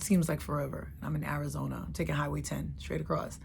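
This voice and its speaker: A middle-aged woman telling a candid, emotional personal story, dropping to a hush and rising loud by turns. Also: low voice, flat delivery, quick pace, creaky, a little hiss or hum. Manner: candid, emotional, swings between hushed and loud.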